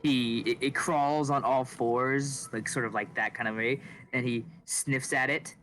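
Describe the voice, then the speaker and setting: A man narrating as game master of a tabletop game, casual and halting, with many fillers. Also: mid-range voice, fairly even intonation, a bit bright, slight background noise, rough recording.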